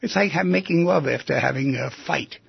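Gravelly, husky man hosting a show. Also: fairly high pitch, brisk, no room sound, dull audio. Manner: musing, asks the listener rhetorical questions. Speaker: radio show host. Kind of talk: reflective talk show monologue.

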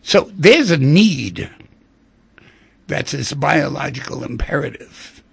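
Gravelly husky guy hosting a talk radio show, swoopy pitch, rambling and musing. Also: expressive, slow pace. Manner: musing, rhythmic, drops to near-whispers. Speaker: radio host. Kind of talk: casual talk radio chat.

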